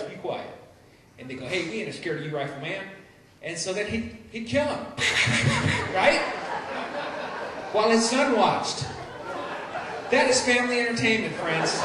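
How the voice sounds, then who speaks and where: Rambling comedian in an echoey noisy room. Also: male voice, a little high, far from the mic. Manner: rambling, self-deprecating, stammering restarts. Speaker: stand-up comedian. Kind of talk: stand-up comedy set. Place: live comedy venue.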